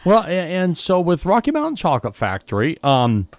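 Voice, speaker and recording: A man's voice: on the high side, huge pitch swings, normal speed, no room sound. A man hosting a casual local radio interview, chatty and joking, often breaking off and restarting his sentences. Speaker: radio host for a local business chamber.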